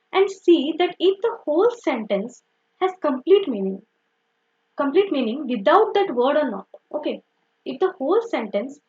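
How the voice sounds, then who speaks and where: On a dull, lo-fi recording, a young woman gives a grammar lesson. Her voice is high and jumps around with lots of life, and she explains patiently, repeating points, correcting herself, and filling gaps with "okay" and "so."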